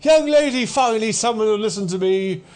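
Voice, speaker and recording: A man voicing a haggard, dishevelled male street preacher who shouts warnings about devils, frantic and pleading. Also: high-pitched, brisk, clean tone, soft background music, voice pushed up, lightly acted.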